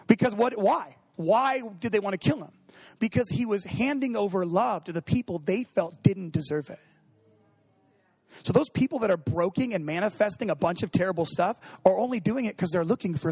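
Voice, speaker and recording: A man with a notably high voice preaches in a loose, joking way, dropping into quick acted-out dialogues and fillers. The sound is dry and close, with almost no room echo. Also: animated, breathy edge. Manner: humorous, acts out quoted dialogue; conversational, many fillers like 'you know what I mean'. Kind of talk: casual sermon.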